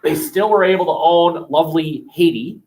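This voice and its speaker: A male history teacher giving a classroom lecture, animated and jokey, with many restarts and fillers. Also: fairly high pitch, normal speed, distant mic, poor audio.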